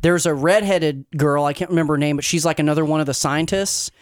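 On a podcast, a male co-host with a fairly high voice talks quickly and critically in a casual chat. His speech is peppered with fillers like "you know" and "like."

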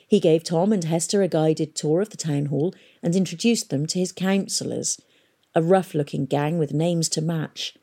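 A woman reading a storybook aloud in a steady, expressive narration. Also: deep voice. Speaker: audiobook reader.

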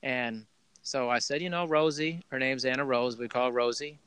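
A man hosting a podcast, telling a heartfelt parenting story in a warm, rambling conversational way with restarts. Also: mid-range voice, fairly even intonation, moderate pace, clear, resonant tone, dry recording. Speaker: podcast host. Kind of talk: casual conversational interview.

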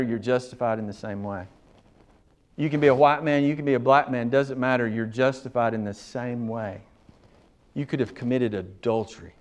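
A man preaching a sermon as pastor, emphatic, repeating his phrases and swinging from hushed to forceful. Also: medium pitch.

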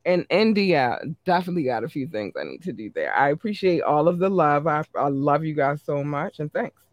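A man hosting his podcast, reading out listener shout-outs in a chatty, upbeat way. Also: on the high side, sing-song, brisk, no echo, muffled recording. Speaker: podcast host.

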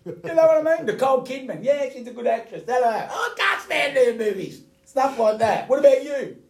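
A man's voice: very high-pitched, animated, gravelly. A man co-hosting a casual show, teasing and jumping in often. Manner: teasing, quick interjections. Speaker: co-host. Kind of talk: casual chat. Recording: roomy echo.

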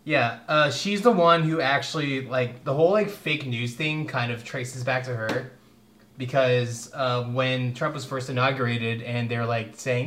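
A man's voice: mid-range voice, moderate pace, a bit bright. Chatty young man full of fillers. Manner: chatty, filler-heavy, swears casually. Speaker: podcast co-host. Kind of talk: casual chat.

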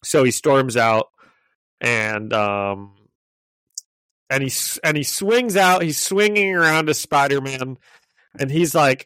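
Man, mid pitch, easygoing podcast co-host; chatty recap with laughs and restarts, close dry sound. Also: animated, takes it slowly, pauses often, sharp tone, smooth, no echo. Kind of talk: casual chat.

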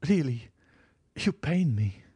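A man's voice: a little high, very animated, slow, mellow, husky, no room sound, voice pushed up, exaggerated voice. A man voicing a tremulous, pleading countess. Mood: sad, pleading. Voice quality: tremulous, plaintive. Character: sorrowful pleading French countess, middle-aged. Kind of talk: audiobook character reading.

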